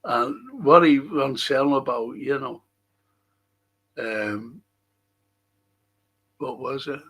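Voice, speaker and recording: A man's voice: mid-range voice, slow, a bit bright. A man with a Scouse accent from Liverpool, hosting a casual film review chat, rambling and swearing often. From Liverpool, England. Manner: rambling, chatty, swears a lot. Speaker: host.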